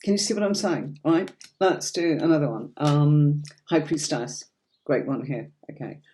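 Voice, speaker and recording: Woman from Yorkshire, light Yorkshire accent, mellow warm tone, chatty livestream teacher. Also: low-pitched, moderate pace. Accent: light Yorkshire English. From Yorkshire, England. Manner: chatty, reassuring, calls viewers darling. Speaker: tarot teacher.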